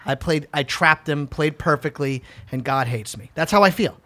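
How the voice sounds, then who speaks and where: A male comedian guesting on a podcast, ranting in a rambling, animated way and acting out asides. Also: on the high side, normal speed. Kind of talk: casual podcast chat.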